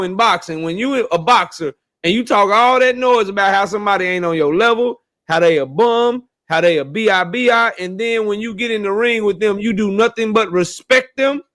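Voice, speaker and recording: Opinionated boxing guy, high voice, slangy and emphatic. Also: normal speed, fairly bright tone. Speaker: boxing commentator. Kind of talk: casual boxing debate.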